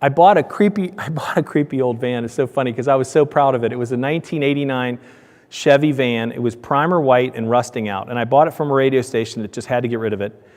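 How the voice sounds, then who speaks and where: A man giving a conference talk, telling stories with lively acted-out voices. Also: quick pace. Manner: animated, acts out dialogue with raised pitch. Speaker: conference speaker, donut shop owner. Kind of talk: storytelling presentation. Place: conference hall. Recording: hall reverb from a conference room.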